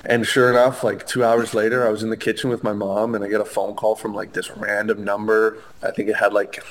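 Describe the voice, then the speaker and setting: Young male interview guest, low and even delivery, earnest, lots of "um" and restarts. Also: a little fast, creaky. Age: young adult. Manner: earnest, many fillers and restarts. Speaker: interview guest, hockey player. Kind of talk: conversational interview.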